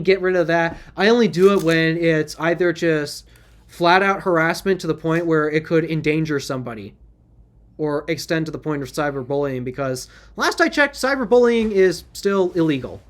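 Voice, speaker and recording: A man co-hosting a casual podcast, with a slightly high voice. He tells stories earnestly and rambles, restarting his sentences as he goes. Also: moderate pace. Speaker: podcast co-host.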